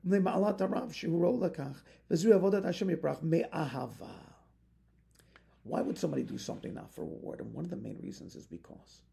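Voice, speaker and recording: A man's voice: on the high side, brisk, creaky, warm tone. A man, a rabbi, teaching a Torah lesson with passion, weaving Hebrew phrases into his English and building to emphatic peaks.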